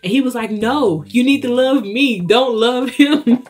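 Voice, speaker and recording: A young adult woman telling a casual storytime vlog, animated and gushing, breaking into giggles. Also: fairly high pitch, measured pace. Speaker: vlogger.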